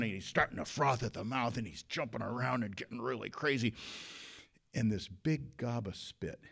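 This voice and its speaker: A man from Minnesota telling a comic story in a lively, animated way. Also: mid-range voice, gravelly. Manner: lively, animated telling with big swings in loudness.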